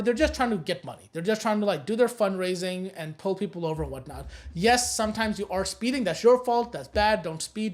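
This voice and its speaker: A woman teaching a recorded know-your-rights course, giving blunt and emphatic advice and repeating her key warnings. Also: medium pitch. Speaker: course instructor.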